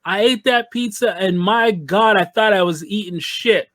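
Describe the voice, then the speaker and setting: A man's voice: high voice, normal speed, background noise. A man co-hosting a podcast, ranting and joking in casual banter. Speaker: podcast co-host.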